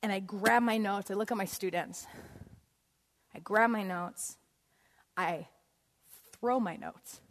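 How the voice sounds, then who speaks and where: A woman giving a storytelling sermon in a church auditorium, animated and laughing often as she acts out scenes. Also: mid-range voice, takes it slowly, pauses often. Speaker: guest speaker. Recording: long hall reverb.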